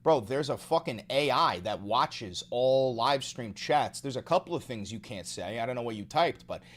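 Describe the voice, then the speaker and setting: A man hosting a casual livestream, ranting fast and swearing often while he reads the chat. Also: medium pitch, expressive, a bit bright. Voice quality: profane, rapid ranting. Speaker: livestream host.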